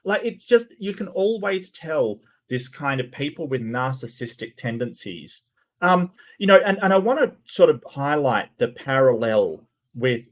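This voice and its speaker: A man doing sarcastic, incredulous commentary as host of his channel. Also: mid-range voice. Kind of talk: mocking commentary on clips.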